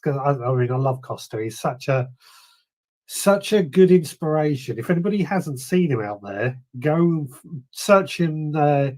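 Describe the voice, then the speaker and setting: A man's voice: on the high side, lively intonation, unhurried, a little mellow. A man co-hosting a live show, enthusiastic and agreeable. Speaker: co-host.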